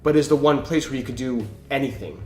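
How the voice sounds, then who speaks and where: A man's voice: mid-range voice, fast, darkish tone. Wry male co-host, echoey room. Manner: wry, joking asides. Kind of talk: casual interview chat. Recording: roomy sound with background music.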